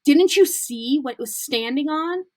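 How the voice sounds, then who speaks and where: A woman's voice: high voice, animated, a little slow, pitched above the performer's own voice. A woman voicing a bossy, clever schoolgirl who snaps and lectures. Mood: snappish lecturing. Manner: snappish, lecturing.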